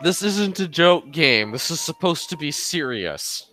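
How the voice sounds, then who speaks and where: A man's voice: fairly high pitch, animated, measured pace, bright, forceful tone, soft background music. A man co-hosting a podcast, chatting casually and reacting in brief, laid-back remarks. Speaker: podcast co-host. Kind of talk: casual chat.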